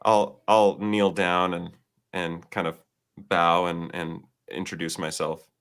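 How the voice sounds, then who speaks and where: A man playing his part in a tabletop game, easygoing and quick to laugh as he plays along. His voice sits on the low side. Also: level tone, a bit bright, clear, resonant tone. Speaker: player. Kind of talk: casual tabletop play with a live stream.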